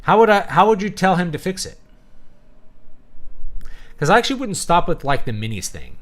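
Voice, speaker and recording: A man's voice: high-pitched, sing-song, moderate pace. A man hosting a casual commentary monologue, opinionated and often checking in with "right?" after his points. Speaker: host.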